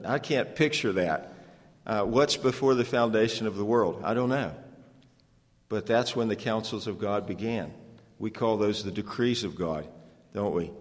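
A man preaching an expository sermon, earnestly asking the congregation rhetorical questions. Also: mid-range voice. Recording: long hall reverb.

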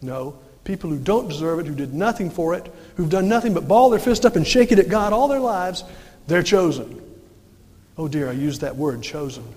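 A man's voice: on the high side, lively intonation, normal speed, darkish tone, big-room sound. A male pastor preaching a sermon in a folksy way, firing rhetorical questions and answering them himself.

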